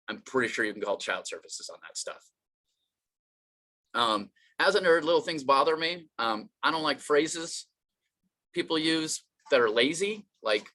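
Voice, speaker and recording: Man, stand-up comic, bright voice, mid pitch, rambling, lots of filler words. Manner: rambling, self-deprecating, many fillers and restarts. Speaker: stand-up comedian. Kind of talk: online stand-up set.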